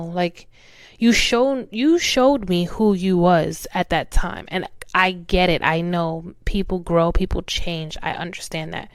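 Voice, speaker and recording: Candid young woman chatting, smooth low voice. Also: no room sound. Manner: candid, chatty, laughs at herself. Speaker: podcast host. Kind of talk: casual chat.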